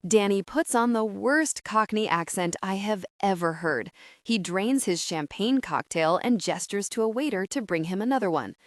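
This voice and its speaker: Expressive woman narrating a comedy audiobook. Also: mid-range voice, moderate pace, no echo, clean studio sound. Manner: expressive, chatty storytelling.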